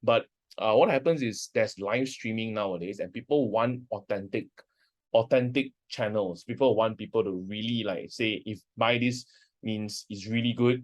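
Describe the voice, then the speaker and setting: Chatty male lecturer, slightly low voice. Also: normal speed, darkish tone, dull audio. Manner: conversational, often restarts sentences. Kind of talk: university lecture.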